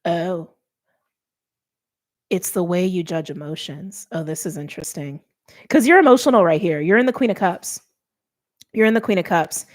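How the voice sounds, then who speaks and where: A woman's voice: fairly low pitch, normal speed, long pauses. A middle-aged woman giving a casual tarot reading, chatty and thinking aloud with many fillers. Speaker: tarot reader.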